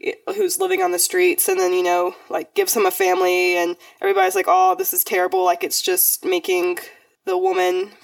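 Young woman podcast cohost rambling, lively swoopy voice, bit of fry, sounds a little off the mic. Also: on the high side, brisk, no echo, distant mic. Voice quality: chatty, rambling with many "like" fillers. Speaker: podcast co-host. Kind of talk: casual chat.

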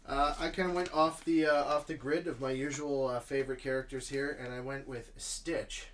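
A man's voice: medium pitch, steady tone, moderate pace, fairly bright tone, a little hiss or hum. Playful man co-hosting a casual chat. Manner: dry, playful, jokes with mock seriousness. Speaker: podcast co-host.

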